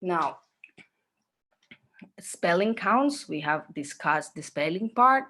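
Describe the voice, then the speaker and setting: A woman teaching an online exam-prep class, speaking slowly, repeating herself and often checking in with "okay?". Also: fairly low pitch, animated, sharp tone. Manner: slow, repetitive, checks in with "okay?".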